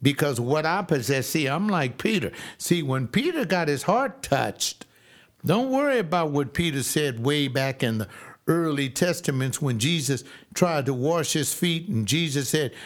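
A male preacher with a somewhat high voice preaches a sermon. His delivery is folksy and emphatic, and he slows down to drive his key phrases home. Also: animated. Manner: folksy, emphatic preaching with slow stressed repeats.

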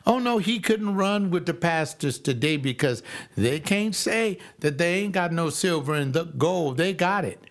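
A male preacher with a somewhat high voice preaches a sermon. His delivery is folksy and emphatic, and he slows down to drive his key phrases home. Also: expressive. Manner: folksy, emphatic preaching with slow stressed repeats.

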